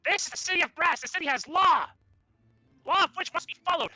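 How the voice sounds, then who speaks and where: A haughty fire-genasi sorcerer, played by a man in a tabletop session, declaring with lofty command. The voice is high and piercingly bright. It sounds dry and close, with faint music underneath. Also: a little fast, no room sound, heavily acted, low-quality recording. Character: proud fire-genasi sorcerer, indignant noble of a brass city. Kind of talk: tabletop role-play in character.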